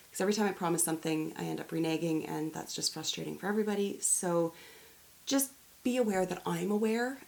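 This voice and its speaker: A woman's voice: lowish voice, gravelly, poor audio. A woman chatting to camera as a beauty vlogger, self-deprecating, tripping over words and laughing at herself. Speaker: beauty YouTuber. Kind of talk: casual chat to camera.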